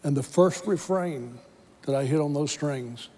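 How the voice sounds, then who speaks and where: A man's voice: on the high side, measured pace, long reverb tail, noisy background. A man preaching a sermon, telling a story dramatically and acting out the voices in it. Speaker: pastor. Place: church sanctuary.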